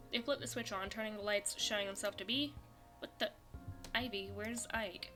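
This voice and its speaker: A young woman streaming a visual novel, reading the story and her character's lines aloud and breaking into animated, laughing reactions. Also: a little high, moderate pace, soft background music. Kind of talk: reading a game script aloud with commentary.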